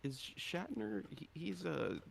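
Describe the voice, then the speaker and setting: A man's voice: medium pitch, big pitch swings, unhurried, vocal fry, slight background noise. A man playing a tabletop game, chatting casually and hesitantly. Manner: hesitant, stammering. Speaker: player.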